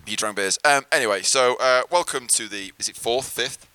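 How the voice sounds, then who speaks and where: Podcast co-host, male, bright tone, hesitant and jokey delivery. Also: medium pitch, moderate pace, smooth. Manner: rambling, hesitant, joking. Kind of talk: casual chat.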